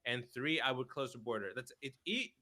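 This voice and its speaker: A man's voice: mid-range voice, animated, brisk, bright, forceful tone, low-quality recording. A young man co-hosting a casual political chat, blunt and profane, who peppers his talk with "bro" as he gets worked up. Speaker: podcast co-host.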